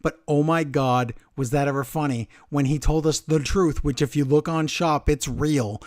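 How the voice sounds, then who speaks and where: A man's voice: a little high, moderate pace, no echo, clean studio sound. A man co-hosting a podcast, chatting casually and acting out quotes as he retells a match. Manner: animated storytelling, acting out quotes. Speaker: podcast co-host. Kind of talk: casual wrestling chat.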